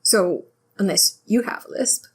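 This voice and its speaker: A woman narrating a scripted pronunciation tutorial, articulating clearly and upbeat. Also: medium pitch, measured pace. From France. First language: French. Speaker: language teacher.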